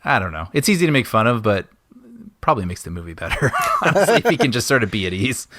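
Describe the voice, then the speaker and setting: A man co-hosting a podcast film commentary, talking in a lively, conversational way and laughing often. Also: mid-range voice, fast talker, no room sound, studio quality. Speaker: podcast co-host. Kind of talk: casual film commentary chat.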